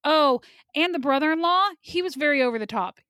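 A woman's voice: high voice, lively intonation, brisk, pushed and bright, dry recording, studio quality. A woman co-hosting a podcast, chatting casually and giving strong opinions while she reviews movies. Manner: opinionated, chatty, laughs often. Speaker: podcast co-host.

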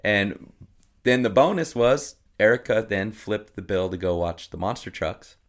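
Low-voiced man telling lively family stories. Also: a little slow. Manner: animated storyteller who acts out his kids. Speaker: podcast guest. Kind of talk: casual storytelling.

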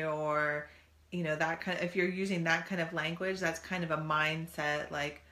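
A woman's voice: sits low, fairly even intonation, normal speed, sharp tone. A middle-aged woman co-hosting a casual talk show, speaking in an earnest, coaching way. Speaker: podcast co-host. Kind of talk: casual conversation. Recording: roomy echo.

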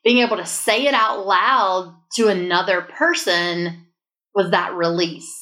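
A woman's voice: fairly low pitch, steady tone, unhurried, sharp tone. A woman sharing a personal faith story in an earnest, emotional way, as a guest in a conversation.

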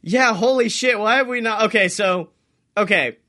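A man co-hosting a comedy podcast, excitable and quick to laugh and swear as he riffs in casual chat. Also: high-pitched. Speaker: podcast co-host.

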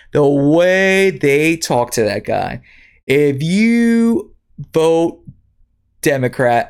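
Woman host, indignant and sarcastic, reads the news then rants, pitch jumps around a lot. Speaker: podcast host. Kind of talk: reading news and commenting.

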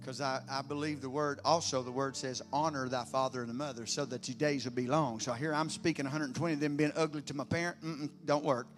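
A man, preaching a sermon emphatically, moving between loud declarations and quiet storytelling. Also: mid-range voice, fairly even intonation, fairly quick, few pauses, faint music behind. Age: 50s. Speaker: pastor.

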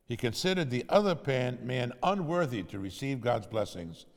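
A man's voice: medium pitch, expressive, normal speed, vocal fry, in a large hall. A man preaching in storytelling style, conversational and asking his audience questions. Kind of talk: sermon storytelling.

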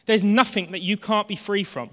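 A man in his thirties preaching a sermon with passion, moving from hushed tones to shouting. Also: high-pitched, moderate pace. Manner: impassioned, swings from hushed to shouting. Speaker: pastor. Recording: long reverb of a large hall.

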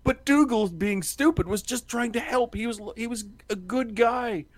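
A man's voice: extremely high pitch, moderate pace, no room sound. A man telling a story in casual chat, laughing often, swearing freely and acting out the lines.

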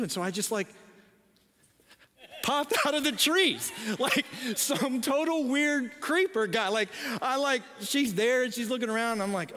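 A man in his forties preaching a sermon, telling a story in a self-deprecating, animated way with halting restarts. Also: very high-pitched. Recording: long reverb in a large hall.

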